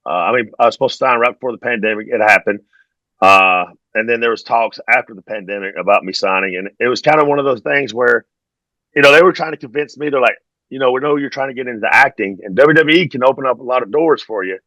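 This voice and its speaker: A middle-aged man with a drawl talks through old stories in easy, laid-back chat. His voice sits at an ordinary pitch, and the sound is close and dry with no room echo. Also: quick pace, pushed and bright, highs cut off. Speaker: podcast guest, former pro wrestler. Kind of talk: casual interview storytelling.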